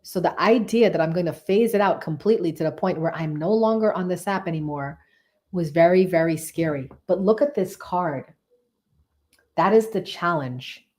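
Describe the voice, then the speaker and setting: A woman's voice: fairly low pitch, darkish tone. Enthusiastic woman giving a live tarot reading. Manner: chatty, enthusiastic, emphatic repetition. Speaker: tarot reader and live-stream host.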